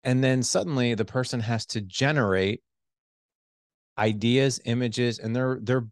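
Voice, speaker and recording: Unhurried and medium-pitched, a middle-aged relationship coach animatedly walks through communication skills in a podcast interview, acting out his wife's voice and his own. The recording is studio quality and free of echo.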